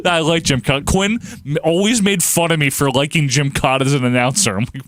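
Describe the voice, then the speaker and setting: A man hosts a casual livestream, reading viewer comments and rambling, with frequent laughs and animated outbursts. His voice is fairly high at a moderate pace, without echo.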